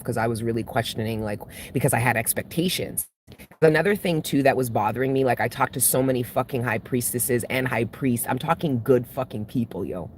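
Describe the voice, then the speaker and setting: In a bass voice with slight background noise, this woman, who reads tarot for her channel, unloads on her viewers in a casual vent. She's blunt, curses constantly, and keeps working herself into outbursts.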